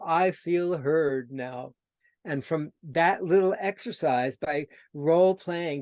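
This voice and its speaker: A man's voice: medium pitch, no room sound. A man telling personal stories as a guest on an interview show. He brings the story to life by acting out the dialogue, and he sometimes repeats and restarts his words. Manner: animated storyteller who acts out quoted dialogue; repeats himself and restarts when searching for words. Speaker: guest, personal transformation coach. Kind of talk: storytelling in conversation.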